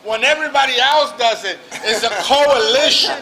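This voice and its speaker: A man's voice: very high-pitched, normal speed, poor audio. A man emceeing an outdoor political rally, joking and introducing speakers in English and Spanish. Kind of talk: rally speech. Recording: outdoor rally with crowd and street noise.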